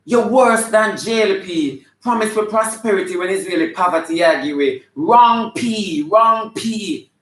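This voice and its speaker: A man's voice: high voice, brisk, few pauses, fairly bright tone, echoey room, low-quality recording. A man with a Jamaican accent doing live comedy, sassy and scolding in a flamboyant way, breaking into snatches of song. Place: live show venue.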